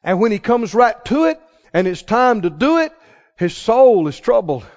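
A man preaching a passionate sermon, pressing his listeners with rhetorical questions and swinging from hushed tones to loud ones. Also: sits high, big pitch swings, moderate pace. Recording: reverberant hall, muffled sound.

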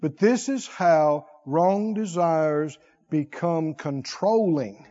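A man preaching a sermon, animated, with call-and-response and comic asides. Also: a little high, slow pace, big-room sound, lo-fi sound.

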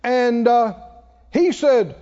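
A man's voice: very high voice, extremely slow, mellow. A man preaching a sermon to his congregation, calling for responses and laughing often. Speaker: pastor. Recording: dull echoey hall recording.

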